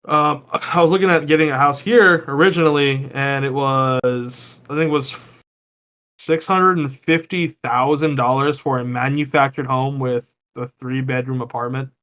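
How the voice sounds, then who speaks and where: A man's voice: medium pitch, steady tone, moderate pace, a bit bright. A man from Texas co-hosting a podcast, chatting casually, swearing often and laughing a lot. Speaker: podcast co-host. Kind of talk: casual chat.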